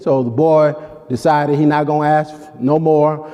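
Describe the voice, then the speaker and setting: A male pastor delivers an emphatic sermon, calling out to his congregation as he speaks. His voice sits a bit high but sounds mellow and warm. A long reverb rings through the church hall. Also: fairly even intonation, moderate pace.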